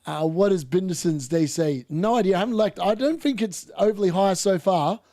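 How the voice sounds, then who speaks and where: A man hosting a live football watchalong, commenting on play and ranting opinions, getting excitable and yelling at chances. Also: high voice, fairly quick, dry recording, clean studio sound. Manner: excitable, yells at chances on screen. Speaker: host of a fantasy football watchalong.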